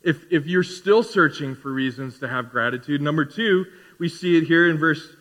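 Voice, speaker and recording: Guy in his 40s preaching, chatty and animated, bright voice, big echoey church. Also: fairly high pitch, normal speed. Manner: conversational, animated preaching with acted-out asides. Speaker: pastor. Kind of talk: sermon. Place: church sanctuary.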